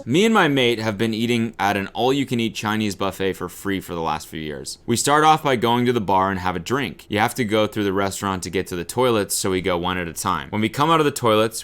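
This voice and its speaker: A man's voice: fairly low pitch, a bit bright, clear, resonant tone. A man co-hosting a comedy podcast, reading posts aloud and riffing in a laid-back, profane, joking way. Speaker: podcast co-host. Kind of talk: casual comedic reading and commentary.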